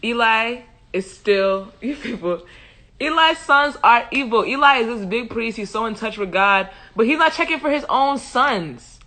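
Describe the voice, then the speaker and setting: A woman hosting a casual livestream Bible commentary, animated and joking with slangy asides and frequent laughter. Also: a little high, moderate pace, hardly any pauses. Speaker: host.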